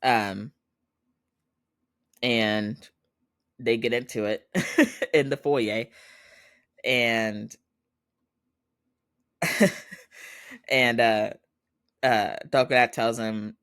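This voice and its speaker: A chatty male podcast host retelling a drama episode in casual talk. He laughs often and slips into the characters' lines as he goes. His voice sits at an ordinary middle pitch and sounds dry and close to the mic. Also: fairly even intonation, drawn-out words, pauses often, fairly bright tone, clear, resonant tone, no echo.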